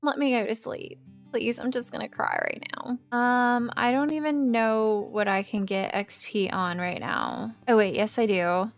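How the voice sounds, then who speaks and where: Chatty woman, gravelly, unhurried. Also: fairly high pitch, steady tone. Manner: chatty, easily distracted, exclaims often. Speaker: let's play host. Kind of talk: casual gameplay commentary. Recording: light background music.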